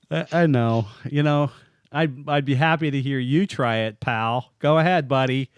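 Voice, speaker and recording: A man's voice: medium pitch, a little slow, smooth, no room sound. A man co-hosting a podcast in casual, chatty talk, joking and laughing often as he goes. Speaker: podcast co-host.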